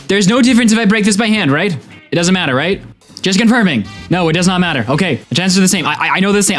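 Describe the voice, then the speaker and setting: A young man giving live gameplay commentary to his chat, excitable and swinging between tense pleading and cheering. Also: high-pitched, a little fast, long pauses, soft background music. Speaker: gaming streamer.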